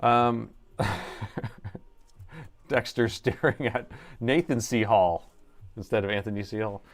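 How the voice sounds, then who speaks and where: A middle-aged man talks loosely through a laptop repair on a live stream. He jokes with viewers and reads their chat aloud as he works, in a relaxed, chatty way. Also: fairly low pitch, slow. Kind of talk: casual live-stream chat while working.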